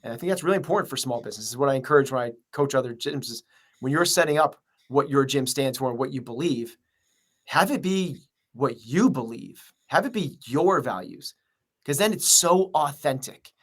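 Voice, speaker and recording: The podcast guest, a man who runs a gym and works as a coach, has a medium-pitched, fairly bright voice with lively intonation. At a moderate pace, he talks earnestly but rambles, using plenty of fillers.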